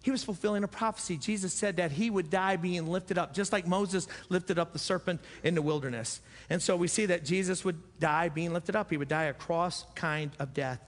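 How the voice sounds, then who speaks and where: A man's voice: high-pitched, brisk, hardly any pauses. A man preaching a sermon as pastor, earnest and repeating phrases for emphasis. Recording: echoey church hall.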